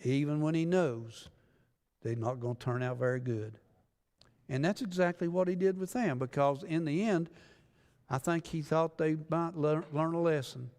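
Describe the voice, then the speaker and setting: A man's voice: on the high side, moderate pace, darkish tone. A man preaching a sermon, reading scripture and retelling the story in a folksy way, acting out the people in it. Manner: folksy storytelling, acts out biblical voices. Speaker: pastor. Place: church sanctuary. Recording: long church reverb.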